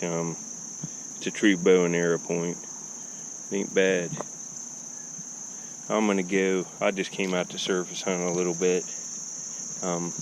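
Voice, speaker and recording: Laid-back man vlogging outdoors, low voice. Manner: relaxed, rambling, folksy. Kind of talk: casual outdoor vlog narration. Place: outdoors by a river and an old dump hillside. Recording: faint outdoor noise with insects.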